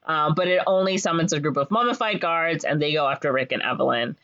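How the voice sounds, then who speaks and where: A woman's voice: deep voice, fast talker, a bit bright, no echo. A woman co-hosting a podcast, recapping a movie in a casual, playful way, full of ums and likes and jokey voiced-out lines. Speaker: podcast co-host. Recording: dull lo-fi podcast audio.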